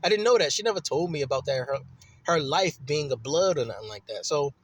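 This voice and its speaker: A man's voice: mid-range voice, expressive, brisk, a little hiss or hum. A man from Baltimore with a Baltimore accent, telling a rambling, profane personal story in a casual monologue. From Baltimore, USA.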